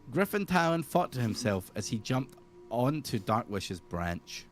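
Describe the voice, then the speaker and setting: A man's voice: mid-range voice, lively intonation, normal speed, a little hiss or hum. A young man amusedly reading aloud his own old role-play narration, chuckling as he goes.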